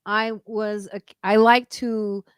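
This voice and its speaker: A woman's voice: mid-range voice, level tone, takes it slowly, clean tone, no echo, studio quality. A woman co-hosting a podcast in casual chat, telling stories animatedly and laughing often. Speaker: podcast co-host.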